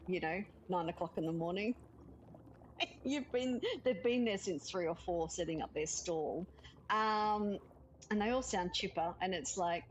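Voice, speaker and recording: A woman's voice: mid-range voice, a little hiss or hum, rough recording. A woman chatting casually while playing a game, giggling often and reading game text aloud. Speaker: gaming streamer. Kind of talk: casual let's-play chat.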